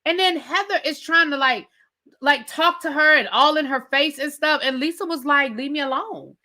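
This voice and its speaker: A woman with a high, bright voice rants sassily through a reality TV recap. She talks straight to her viewers in a loose, conversational style. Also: normal speed. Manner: sassy, conversational, addresses viewers as y'all. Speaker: TV recap host. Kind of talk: animated reality TV rant.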